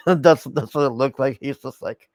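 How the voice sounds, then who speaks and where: A man's voice: medium pitch, a little slow, darkish tone, no room sound. A man reacting to a video in a casual, scoffing, profane rant.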